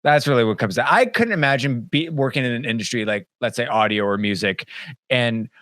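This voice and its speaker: A man co-hosting a casual podcast chat, animated and swearing, mocking clients in put-on voices over a webcam. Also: mid-range voice, a little fast, no echo, clean studio sound. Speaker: podcast co-host, band member.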